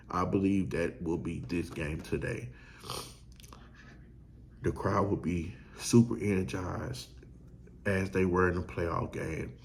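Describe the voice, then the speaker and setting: Low gravelly hyped-up sports host. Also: male voice, slight background noise. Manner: hyped, preachy fan talk with slang. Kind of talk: fired-up sports talk.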